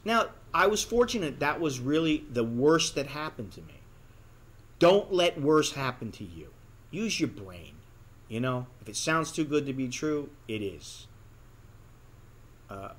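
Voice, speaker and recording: A man's voice: a little high, fairly bright tone. An American man vlogging casually, telling a candid story bluntly and acting out the dialogue. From United States. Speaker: expat vlogger.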